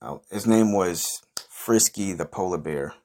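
A young man with a very low voice spins a ridiculous boastful story for his podcast. He talks in a loose, rambling deadpan, full of swearing and fillers. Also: unhurried. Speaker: podcast host.

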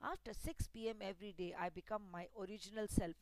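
A woman's voice: mid-range voice, steady tone, fast, no echo, natural voice, poor audio. A woman voicing a thousand-year-old genie. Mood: explaining. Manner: commanding, stern. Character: ancient male genie, once aggressive, gruff.

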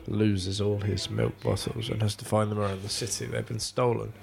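A man's voice: on the low side, flat delivery, moderate pace, vocal fry, a little mellow, slight background noise. A man, a podcast guest, bantering in a playful, teasing way. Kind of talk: casual comedic chat.

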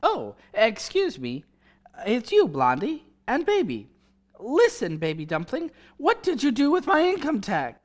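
An actor playing a flustered, excitable husband and father in a 1940s radio drama. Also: very high voice, measured pace, full character voice. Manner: flustered, exclaiming.

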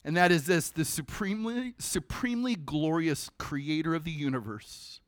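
Animated preaching man, dry close sound. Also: a little high, moderate pace, no room sound. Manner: animated, conversational preaching with sudden drops to a hush. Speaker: pastor. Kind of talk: sermon.

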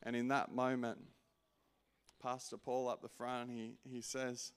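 A man preaching a personal testimony in an earnest way, restarting often and swinging from loud to hushed. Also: medium pitch, little pitch movement, measured pace, clean tone. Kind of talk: sermon testimony.

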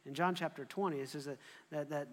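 A man preaching a sermon, telling the story in an animated way and often restarting his phrases. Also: on the high side, fast. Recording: echoey hall.

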